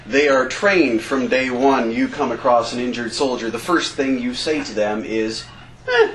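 A man telling a comic war story to a live convention audience, laughing and acting out shouts and sound effects. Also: mid-range voice, a little slow, slight background noise, poor audio. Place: convention stage.

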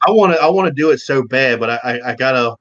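A man's voice: mid-range voice, animated, fast, a bit bright. Male host, easygoing livestream chat, laughs easily, muffled video-call audio. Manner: reads out viewer comments, laughs easily.

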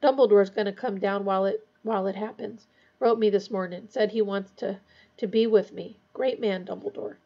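A woman voicing a large, grieving gamekeeper who speaks in a shaky, halting way. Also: mid-range voice, dark tone, muffled recording, natural voice.

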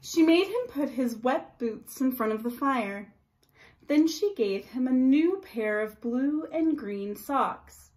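A preschool teacher reading a storybook aloud to young children in a slow, expressive, sing-song way. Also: female voice, high-pitched, rough recording.

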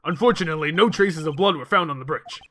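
A man's voice: on the high side, fast, sharp tone, slight background noise. Man reading an earnest bumbling detective. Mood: dutiful.

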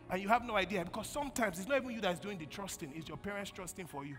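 A man preaching a sermon as pastor, calling on the congregation to answer and swinging from loud bursts to quiet storytelling. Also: sits high, rapid-fire, hardly any pauses. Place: large church hall. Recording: long church hall reverb, faint music.

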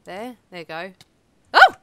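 A woman with a British accent, chatting casually while playing a game, giggling often and breaking into quick exclamations. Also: medium pitch, wildly swooping pitch, bright, forceful tone. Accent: British English. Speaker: let's play co-host. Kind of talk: casual gaming chat.

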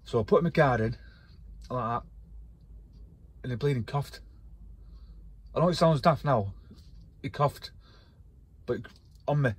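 A man's voice: medium pitch, unhurried, long pauses, breathy edge. A man, talking casually and rambling in a vlog from his camper van, swearing a lot and getting worked up. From North West England. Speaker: vlogger.

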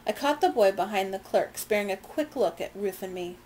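A woman reading a novel aloud in measured, plain storytelling and pausing to explain words. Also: medium pitch, lively intonation, a little mellow, a little hiss or hum, poor audio. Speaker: reader.

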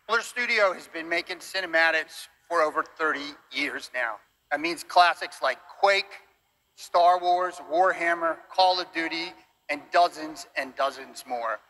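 An earnest man presents his studio's new series from a big event stage, his voice very bright and fairly high. He is openly emotional, a little choked up, with faint hall ambience around him. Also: unhurried, slight background noise.

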